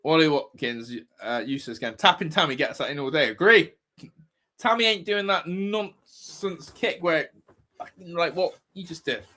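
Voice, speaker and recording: A man hosting a live football watch-along, reacting loudly, swearing and shouting advice at the players. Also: fairly high pitch, normal speed. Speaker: fan watch-along host.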